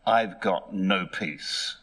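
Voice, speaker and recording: A man's voice: mid-range voice, animated, slow, a bit bright. A preacher voicing a glum troubled man. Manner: glum, pleading. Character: troubled worried young man, glum and torn.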